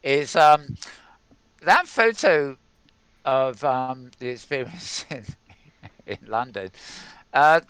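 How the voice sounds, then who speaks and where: A man's voice: mid-range voice, sing-song, takes it slowly, long pauses, a bit bright, clear, resonant tone, dry recording. A man hosting a casual tech news show, rambling and chuckling as he goes. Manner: rambling, chuckling, self-mocking.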